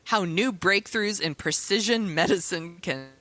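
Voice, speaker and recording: A woman co-hosts a podcast in a casual, joking back-and-forth. Her voice is bright and forceful and sits a little low for a woman. She rattles through plugs and source lists with easy energy. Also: a little slow, no echo. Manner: chatty, playful, reads lists of sources. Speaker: podcast co-host.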